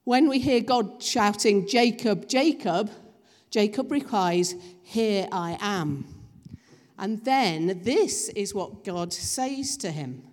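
Slow-speaking woman preaching in a hall. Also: medium pitch, lively intonation, darkish tone. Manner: slow, emphatic, engages the congregation. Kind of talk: sermon. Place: church hall. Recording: long reverb of a church hall.

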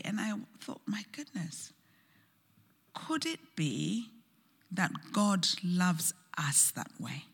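A woman preaching a sermon, telling a story slowly and earnestly with soft, hushed moments, recorded in a church. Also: on the low side, big pitch swings, slightly rough. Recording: church hall with long reverb.

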